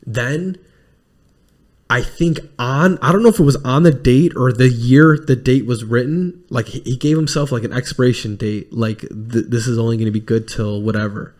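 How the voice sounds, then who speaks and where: A man hosting a podcast in casual chat, rambling with quick restarts and plenty of swearing. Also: mid-range voice. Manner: mimics film lines in lively put-on voices. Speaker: podcast host.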